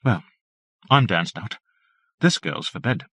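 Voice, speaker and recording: A calm, gently teasing young woman speaks in this storybook reading, voiced by a man narrating. The voice sits fairly low. The sound is dry and close. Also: slow, husky, dry recording, heavily acted. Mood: cool teasing.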